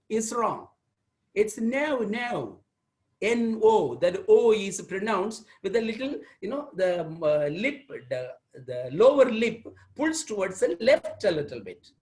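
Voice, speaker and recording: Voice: mid-range voice, a little mellow. A trainer from Tamil Nadu with a Tamil Indian English accent, giving an online workshop lecture and repeating key words with emphasis over a video call. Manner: slow, repetitive, emphatic teaching. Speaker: aptitude trainer.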